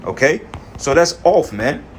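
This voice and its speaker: A man's voice: fairly high pitch, big pitch swings, unhurried, a little hiss or hum. A man preaching in an angry, profane rant, reading scripture verses and then commenting on them. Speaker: street preacher.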